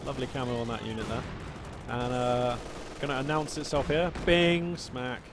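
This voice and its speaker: Male game caster, casual and playful, average pitch, gunfire and engines loud in the mix. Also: background noise. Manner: chatty, playful, quick excited reactions. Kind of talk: live play-by-play game commentary.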